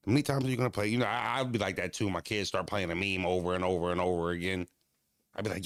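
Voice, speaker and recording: A man's voice: low voice, fairly quick, a bit bright, no echo, clean studio sound. A man, chatting casually as a streamer reacting to clips, laid-back and freely swearing.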